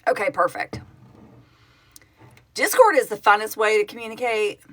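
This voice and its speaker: A woman's voice: on the high side, very animated, moderate pace, a bit bright. A middle-aged woman from Oklahoma hosting a casual live stream from home on her phone, chatting and answering viewers' comments in a rambling, self-correcting way. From Oklahoma, United States. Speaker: livestream host, project founder.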